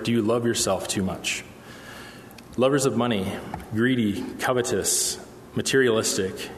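In a church hall with long, echoing reverb, a male pastor with a lowish voice preaches a conversational sermon over slight background noise. He keeps checking in with the congregation, often asking the room "okay?"

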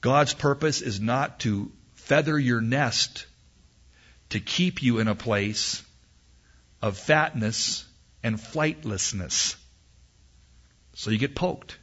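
A man preaching a sermon, telling an animated story and acting out sounds and voices, in a husky voice on a dull, lo-fi recording. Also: medium pitch, slow pace, long pauses.

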